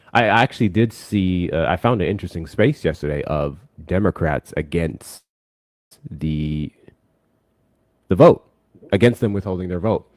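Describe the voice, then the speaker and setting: A man co-hosts a political stream with blunt, earnest talk and casual swearing. His voice is very low. The sound is close and dry. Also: a little mellow, no room sound. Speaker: co-host.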